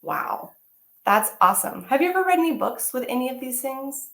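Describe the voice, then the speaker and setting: Animated woman reading aloud to children. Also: high voice, moderate pace, roomy sound. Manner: animated, exclamatory, asks the children questions. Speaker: teaching artist.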